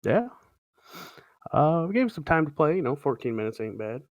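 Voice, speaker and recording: A man's voice: a little high, sing-song, moderate pace, dry recording, lo-fi sound. A man in casual chat on a podcast, running through wrestling results in an easygoing announcer style. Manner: play-by-play announcer delivery, easygoing.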